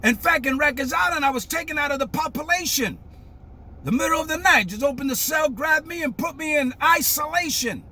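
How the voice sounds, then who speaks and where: Older new guy ranting hard, super high bright voice, yells a lot. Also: brisk. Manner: fiery, emphatic, breaks into shouting. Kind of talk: impassioned monologue.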